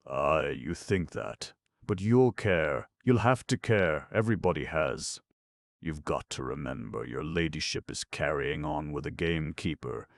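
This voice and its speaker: A man playing a guarded, rough-spoken gamekeeper with a rural English dialect and a blunt, clipped manner. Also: a bass voice, a little slow, no echo, exaggerated voice. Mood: brooding.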